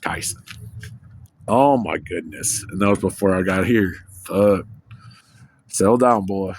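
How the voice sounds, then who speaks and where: A man's voice: sits low, measured pace, a little mellow, slight background noise. A man talking to camera in a rambling personal monologue, losing his train of thought and swearing casually. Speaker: vlogger.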